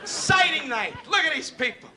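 Brash New comic over roaring crowd. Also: male voice, very high voice, expressive, moderate pace, very noisy. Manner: brash, needling crowd work with put-on voices. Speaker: stand-up comedian. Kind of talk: insult comedy set before a live audience. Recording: archival club recording with loud crowd laughter. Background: loud audience laughter.

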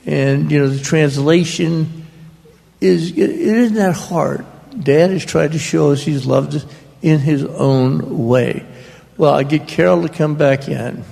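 Slow, gravelly older storyteller. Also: male voice, a little high, dark tone. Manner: slow, drawling anecdotal delivery with laughs in the voice. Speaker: author speaking on stage. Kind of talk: storytelling to a live audience. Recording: long reverb of a hall.

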